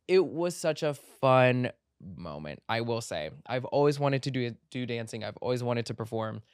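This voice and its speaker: A man in the middle of his pitch range, telling a sprawling story in a casual, animated way. He swears freely and goes off on tangents, now and then jumping into a high, mocking voice to quote someone. The sound is dry and close, with no room echo. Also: smooth. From Egyptian family background. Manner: animated, breaks into high mimicking voices when quoting people; profane, tangent-filled storytelling. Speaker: podcast host.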